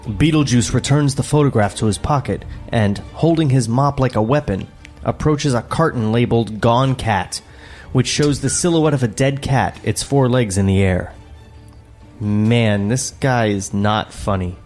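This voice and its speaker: A man's voice: mid-range voice, normal speed, darkish tone, soft background music. A man co-hosting a comedy table read, narrating stage directions plainly with joking asides. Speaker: co-host and narrator. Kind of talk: reading stage directions aloud.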